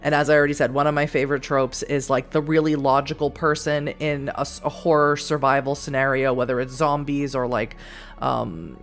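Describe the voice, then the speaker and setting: Low-voiced woman streaming a text game, bubbly and excited, reads story bits aloud. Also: a little fast, faint music behind. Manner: bubbly and excitable, reads narration with gentle emphasis. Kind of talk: casual let's-play chat and reading aloud.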